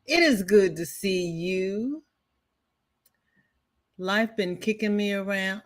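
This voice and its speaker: A woman's voice: mid-range voice, slow pace, pauses often. A woman hosting a crochet livestream, chatting casually and greeting viewers by name, with folksy exclamations.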